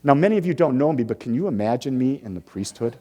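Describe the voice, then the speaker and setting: Preaching at a quick pace, this Detroit-area minister in his fifties has a mellow, expressive, mid-range voice. His sermon weaves stories and playful asides, driving points home by repeating them.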